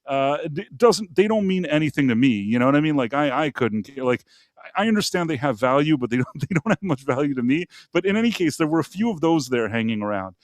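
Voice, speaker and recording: A man's voice: fairly high pitch, big pitch swings, quick pace, no echo. Rambling male podcast host, dry sound. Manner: rambling, many fillers and asides. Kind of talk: casual storytelling on a live show.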